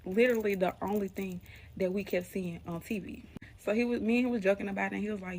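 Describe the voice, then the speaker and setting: A woman's voice: mid-range voice, fairly even intonation, quick pace, slight background noise. A young woman from Alabama, casually telling a true spooky story straight to her viewers. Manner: chatty, addresses viewers as y'all, drops to a hushed tone for spooky parts. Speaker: storyteller, channel host.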